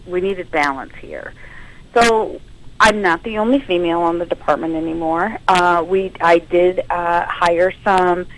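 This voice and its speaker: Guesting on a radio interview, this firefighter-paramedic in her thirties recounts her story with emotion and lively quoted lines. She speaks a little slowly in a voice on the low side, and the recording is rough.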